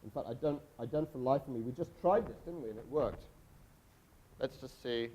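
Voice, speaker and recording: A man's voice: mid-range voice, fairly quick, warm tone, slight background noise, poor audio. A man from Europe giving a university lecture in a conversational way, with frequent restarts and asides. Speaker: guest lecturer.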